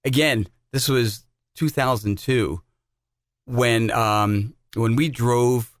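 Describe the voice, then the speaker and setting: A man's voice: mid-range voice, slow pace, no echo, clean studio sound. A middle-aged man co-hosting a podcast, telling stories in a chatty way and repeating words as he goes. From New Jersey, USA. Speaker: podcast co-host. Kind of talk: casual podcast chat.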